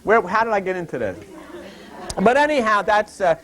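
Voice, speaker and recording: An older man giving a rambling Bible talk and drifting into funny personal stories in an animated, digressive way. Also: high-pitched, moderate pace. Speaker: Bible teacher.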